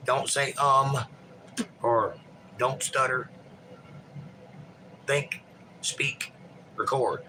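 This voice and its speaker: A man's voice: medium pitch, fairly even intonation, drawn-out words, pauses often, pushed and bright, slight background noise, low-quality recording. A man hosting a livestream, reading viewer chat aloud and chatting in a rambling, folksy, joking way.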